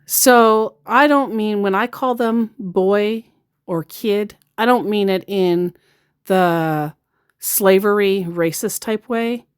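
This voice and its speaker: A woman's voice: medium pitch, slow pace, clear, resonant tone. A woman giving blunt, sarcastic casual commentary as a scam baiter.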